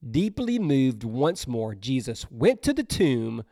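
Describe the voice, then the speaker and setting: A man's voice: medium pitch, very animated, warm tone, no echo, clean studio sound. A man preaching a sermon. He reads scripture dramatically and adds casual, conversational comments. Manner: reads scripture slowly and dramatically, then breaks into casual asides.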